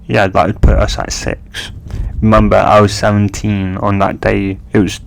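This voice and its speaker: A man telling a fan fiction story aloud, in a halting way full of fillers and restarts. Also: lowish voice, monotone, gravelly.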